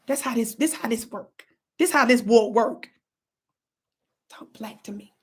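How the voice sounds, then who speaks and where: A woman, hosting her own channel and telling a story in an animated way, often breaking off to say "watch this" and dropping into whispers. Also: on the high side, moderate pace, gravelly, pauses often, husky. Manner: animated, repeats "watch this", drops to whispers for quotes. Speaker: channel host. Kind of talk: storytelling vlog.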